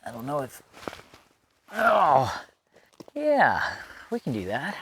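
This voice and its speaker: A man's voice: on the high side, huge pitch swings, slow pace, a bit bright, slight background noise. A middle-aged man telling a personal story in a casual, conversational way, laughing often and restarting his sentences.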